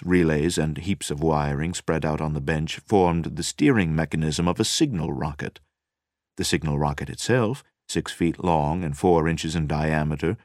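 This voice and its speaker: A man narrating a story in a measured, dramatic reading style. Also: extremely low pitch, darkish tone, dry recording, clean studio sound. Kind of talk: scripted audiobook narration.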